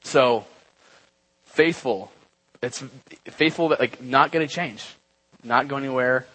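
A young man giving a relaxed, conversational church talk, with many fillers and asides. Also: mid-range voice, slow, poor audio. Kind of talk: casual sermon. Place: church gathering.

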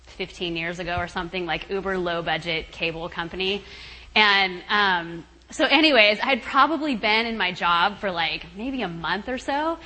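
A woman's voice: mid-range voice, pushed and bright, low-quality recording. A middle-aged woman giving a chatty, laughing retreat talk, acting out the voices of others as she tells a story. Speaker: guest speaker at a retreat.

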